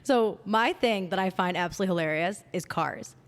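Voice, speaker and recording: A woman's voice: on the low side, fairly quick. A woman hosting a podcast, chatty and bubbly, laughing often as she reads listener questions. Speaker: podcast host. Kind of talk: casual podcast interview.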